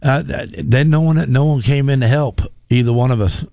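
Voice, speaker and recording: A man's voice: medium pitch, gravelly, mellow, no echo, clean studio sound. Plain-spoken man telling a story. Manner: plain-spoken, halting with restarts. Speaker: guest. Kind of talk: casual storytelling.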